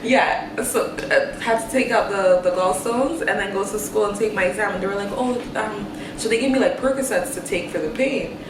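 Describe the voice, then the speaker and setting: A woman's voice: mid-range voice, fairly quick, few pauses, distant mic, background noise. A young woman chatting casually about motherhood, telling stories with lots of laughter and slangy asides. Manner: animated storyteller, laughs often. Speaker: host. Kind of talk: casual chat. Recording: roomy sound with music behind.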